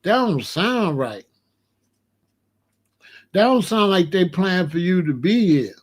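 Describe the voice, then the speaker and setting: A man in his sixties giving a rambling comedic monologue as host, telling stories with animated disbelief and laughter. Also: high voice, slow. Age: 60s. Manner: animated, incredulous storytelling with laughs.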